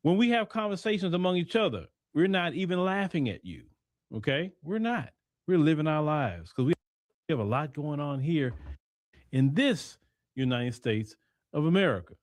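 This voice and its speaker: A man from Haiti in a played clip, calmly rebutting a claim point by point. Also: a little high, dry recording, clean studio sound. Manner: measured, explains point by point. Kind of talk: direct rebuttal.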